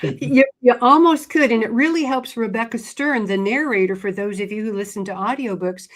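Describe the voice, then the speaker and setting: A woman's voice: fairly high pitch, moderate pace. Chatty woman author on a radio interview. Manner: chatty, frequent restarts and fillers. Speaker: guest author. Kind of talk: casual interview talk.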